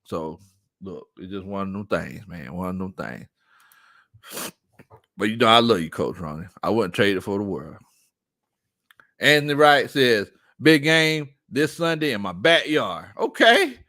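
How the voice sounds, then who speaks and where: A man hosts a relaxed sports livestream, reading out chat comments and spinning stories between bursts of laughter. His voice is bright and forceful, and his pitch rises and falls widely as he talks. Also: measured pace, long pauses. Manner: laughs often, reads chat comments aloud, storytelling. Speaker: sports show host.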